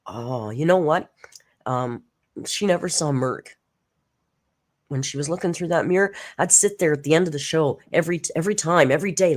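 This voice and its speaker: A woman's voice: low-pitched, moderate pace, long pauses. A woman hosting a live reaction stream, chatting casually, greeting viewers by name and laughing often.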